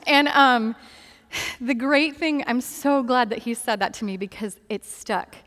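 A woman's voice: on the high side, a little slow. Woman's earnest testimony in a reverberant hall. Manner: earnest and candid, often laughing softly, many fillers. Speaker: speaker sharing a personal testimony. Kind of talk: personal faith testimony.

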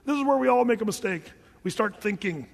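A male pastor preaching a sermon in an animated, emphatic way, often repeating words as he thinks. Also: sits high, fast, vocal fry, big-room sound.

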